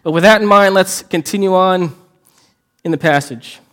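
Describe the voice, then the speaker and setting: High-voiced preaching man. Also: normal speed, a bit bright. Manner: earnest, emphatic preaching with frequent restarts. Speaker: pastor. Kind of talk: sermon.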